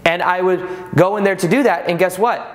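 Slightly high-voiced man, chatty storytelling. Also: a little fast. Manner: conversational, storytelling with rhetorical questions; relaxed, repeats himself and restarts often. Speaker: podcast host. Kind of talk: casual motivational talk.

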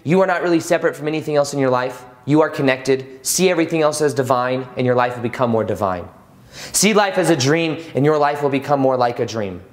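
A man's voice: medium pitch, expressive, a little fast. Earnest man giving a spiritual talk. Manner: earnest, repetitive, emphatic phrasing. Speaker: spiritual YouTube host. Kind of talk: motivational spiritual talk to camera.

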